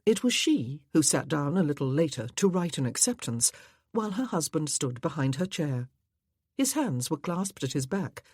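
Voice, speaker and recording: A woman reads a historical novel aloud. Her delivery is measured, and her melody moves a lot. The voice is slightly husky and recorded close and dry. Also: deep voice, a little mellow, dry recording. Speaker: audiobook narrator. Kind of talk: scripted narration.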